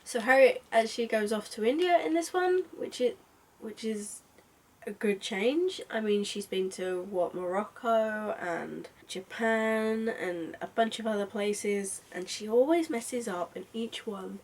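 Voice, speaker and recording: A woman's voice: on the high side, measured pace. Chatty young woman reviewing a book. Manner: chatty and excitable, with frequent asides. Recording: voice a bit far from mic.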